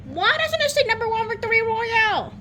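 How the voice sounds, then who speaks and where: A woman in a puppet comedy skit, shouting frantic, shrieky exclamations, with noise in the recording. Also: very high-pitched, sing-song, brisk. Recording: noisy background hiss.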